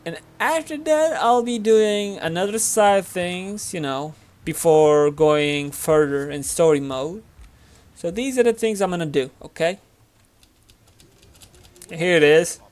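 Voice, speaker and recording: His voice sits high yet comes across clear and resonant as this Turkish man speaks slowly in accented English. Hosting his gaming channel, he chats about his gameplay in a rambling, casual way, heavy on fillers.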